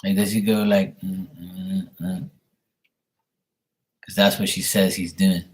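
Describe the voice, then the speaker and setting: A young man with a low voice and flat delivery does a live tarot reading on camera at a moderate pace, picked up by a webcam at his desk. He relays the messages in a rambling way, full of fillers.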